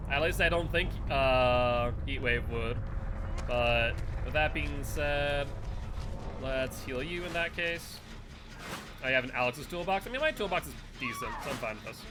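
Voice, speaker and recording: A man giving casual running commentary while playing a game live and chatting with viewers and teammates. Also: on the high side. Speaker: streamer.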